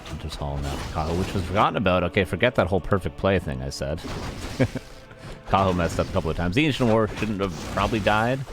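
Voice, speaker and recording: Very deep-voiced male game caster. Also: lively intonation, fairly quick. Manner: chatty, talks to the chat and laughs at himself. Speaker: esports caster. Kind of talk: live play-by-play game commentary. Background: game music and sound effects.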